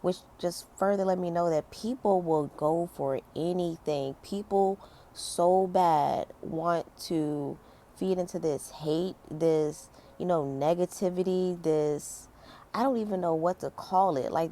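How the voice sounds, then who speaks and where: A woman's voice: deep voice, dark tone. A woman in her thirties giving a casual opinion rant as a vlogger, chatty and emphatic, full of fillers. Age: 30s. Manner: conversational, lots of fillers, emphatic complaints. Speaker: commentary vlogger.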